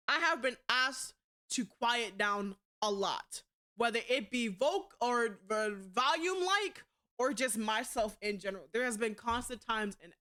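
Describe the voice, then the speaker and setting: A young woman streaming live, talking to her chat in a loud, blunt, profane way and laughing often. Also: on the high side.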